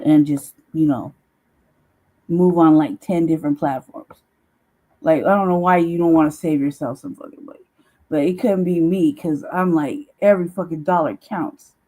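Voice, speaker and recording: A woman's voice: lowish voice, dark tone, low-quality recording. A woman hosting a casual livestream, talking bluntly with heavy swearing and bursts of laughter. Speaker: show host.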